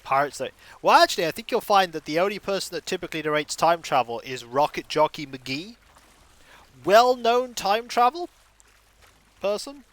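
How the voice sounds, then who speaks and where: A man's voice: a little high, lively intonation, quick pace, few pauses, fairly bright tone, dry recording. A man streaming a video game, rambling through jokey, self-mocking asides. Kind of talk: casual gaming stream commentary.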